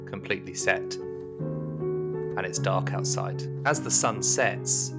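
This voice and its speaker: Low-pitched man as game master, measured horror narration, guitar music under.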